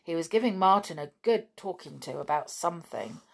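A woman reading a children's storybook aloud in calm, even narration. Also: fairly low pitch, a little fast, creaky. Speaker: audiobook reader.

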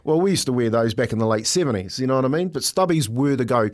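An older man, co-hosting breakfast radio and telling a story in animated, rambling chat full of fillers. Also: medium pitch, fast talker.

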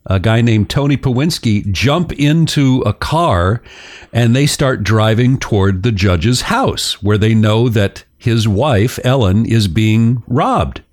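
A man's voice: mid-range voice, animated, slow. Chatty joking male podcast storyteller. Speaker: podcast host.

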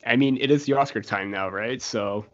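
A man's voice: medium pitch, normal speed. A man co-hosting a casual sports podcast, laughing often and restarting his sentences. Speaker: podcast co-host. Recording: dull lo-fi podcast audio.

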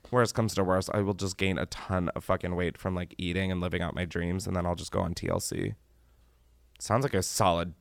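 Blunt and self-deprecating, a young podcast host fields call-in questions in a casual comedy advice show, swearing freely and slipping into over-the-top mock voices. His lowish voice is creaky and a bit bright, recorded dry.

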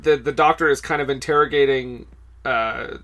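A man's voice: medium pitch, moderate pace, bright, forceful tone. A man co-hosting a casual podcast about films, laid-back and jokey. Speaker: podcast co-host. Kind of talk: casual film chat.

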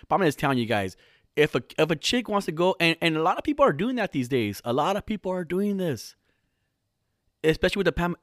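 A man's voice: medium pitch, no room sound, studio quality. A man hosting his own podcast, telling a long comic story in a rambling, heavily profane way with lots of restarts. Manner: rambling, heavy swearing, frequent restarts. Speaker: podcast host. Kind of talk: casual comedic storytelling. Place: lives in Southern California.

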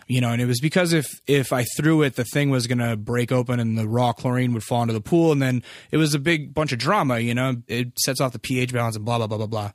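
A man's voice: mid-range voice, quick pace, no echo, studio quality. A man in his thirties telling a personal family story in a loose, candid, filler-heavy way, swearing freely. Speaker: vlogger.

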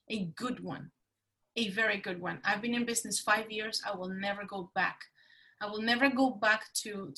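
A middle-aged woman, telling her story as a podcast guest in an animated, emphatic way. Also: mid-range voice, distant mic, low-quality recording. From Mexico. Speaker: guest, business consultant. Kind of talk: casual interview talk.

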